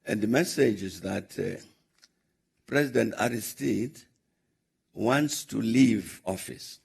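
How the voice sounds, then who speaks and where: An older South African man, a former head of state, tells a long anecdote while answering questions at a Q&A session. He is measured, recounting conversations with frequent "uh" pauses. His voice is fairly low, darkish, gravelly and husky.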